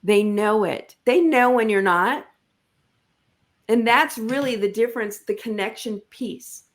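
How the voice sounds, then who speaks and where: A woman's voice: a little high, measured pace. Emphatic woman giving leadership advice. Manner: emphatic, coaching, animated asides. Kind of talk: conversational interview about leadership.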